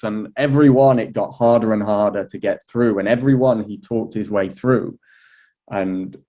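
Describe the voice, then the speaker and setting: A man, an astrology teacher, telling a personal story in a relaxed, chatty way, with many fillers, restarts and an occasional laugh. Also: mid-range voice. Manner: laughs now and then. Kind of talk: relaxed anecdotal talk.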